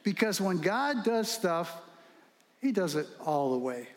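High-voiced male preacher in a reverberant hall. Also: measured pace. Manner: animated storytelling with rhetorical questions. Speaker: pastor. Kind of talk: sermon.

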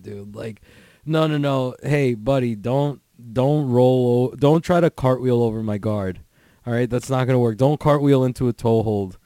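A man's voice: medium pitch, dark tone, dry recording. A man hosting a podcast alone, chatting casually in a rambling, profane way full of "like" fillers. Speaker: podcast host. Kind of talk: casual solo podcast chat.

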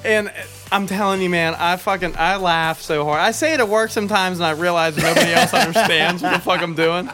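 A man's voice: high-pitched, fairly quick, loud music behind the voice. A man in casual chat among friends, rambling with restarts, laughing and swearing.

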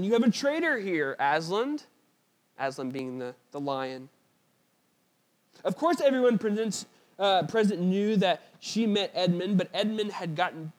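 Earnest high-voiced male preacher. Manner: earnest, emphatic preaching with slips and restarts. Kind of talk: sermon with a read-aloud story passage.

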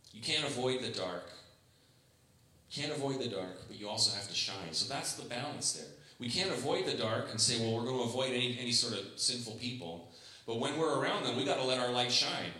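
A man's voice: mid-range voice, animated, fairly quick, sharp tone. Chatty male pastor in echoey church. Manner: conversational, humorous, acts out quoted voices. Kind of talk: sermon. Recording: echoey room.

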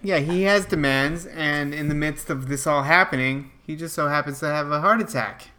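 A man's voice: on the high side, moderate pace, pushed and bright, clean tone. A young man co-hosting a podcast, in laid-back casual banter with some slang. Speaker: podcast co-host. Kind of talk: casual chat.

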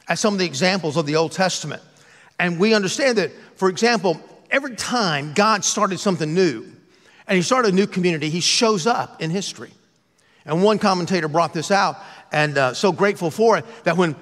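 A pastor preaching a sermon in a conversational, joking way, with playful asides. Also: male voice, fairly high pitch, a bit bright, in a large hall.

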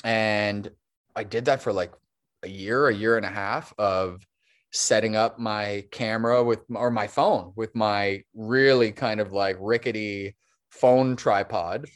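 A man's voice: on the low side, fairly even intonation, measured pace. A man talking as a guest on a podcast interview, rambling and restarting his sentences, laughing easily. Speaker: guest, stop-motion animator.

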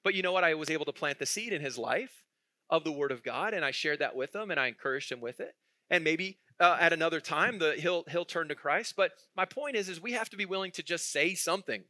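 Bright-voiced man preaching casually. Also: a little high, expressive, quick pace, no echo, studio quality. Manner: conversational preaching, rhetorical questions to the congregation; chuckles as he tells stories. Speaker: pastor. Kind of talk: sermon.

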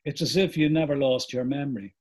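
A man reading aloud as a middle-aged father reflecting on lost memory, in a slow, reflective way. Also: medium pitch, a little mellow, lightly acted. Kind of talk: reading a book passage aloud.

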